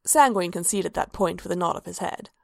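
A woman narrating a fan fiction story aloud in an even, measured way. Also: on the low side, creaky, no echo, studio quality.

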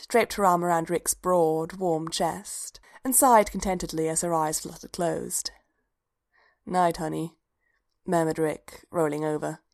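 A woman reading fan fiction aloud, unhurried and even as she narrates. Her voice is on the low side and carries a noticeable gravelly fry. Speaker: reader.

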